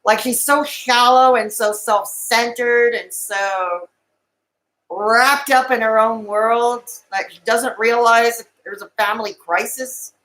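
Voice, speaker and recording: A woman's voice: on the high side, fairly even intonation, slow pace, a bit bright, rough recording. A woman hosting a live stream, chatting casually and giggling as she rambles and answers comments.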